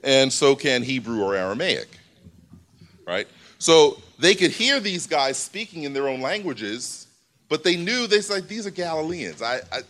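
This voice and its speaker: A man's voice: mid-range voice, bright, forceful tone. A man preaching in a church, explaining scripture in a casual, conversational way with many fillers. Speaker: pastor. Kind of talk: sermon.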